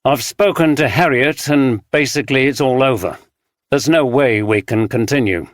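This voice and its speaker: Man doing a bitter serious director guy, mid pitch, dry close audiobook. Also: moderate pace, no echo, lightly acted.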